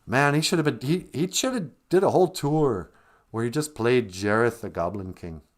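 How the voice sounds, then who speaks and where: A man's voice: medium pitch, moderate pace. A man hosting a live stream, casually retelling a film as a rambling, joking storyteller.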